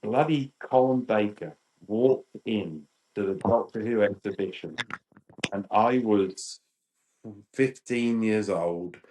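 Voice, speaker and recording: A British man in his fifties, a podcast guest telling lively anecdotes and acting out quotes. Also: on the low side, slow pace, a little hiss or hum, rough recording. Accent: British English. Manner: animated, acts out quotes. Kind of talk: storytelling chat.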